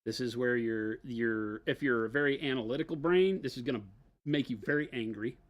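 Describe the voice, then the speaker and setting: A man's voice: medium pitch, brisk. Laid-back man explaining his painting. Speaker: painting instructor. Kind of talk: casual painting demo chat.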